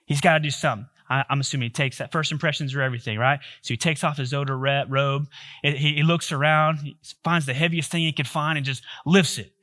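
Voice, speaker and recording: A man's voice: fairly high pitch, fairly even intonation, fast talker, pushed and bright. A male pastor giving a sermon, telling a story in a joking, conversational way.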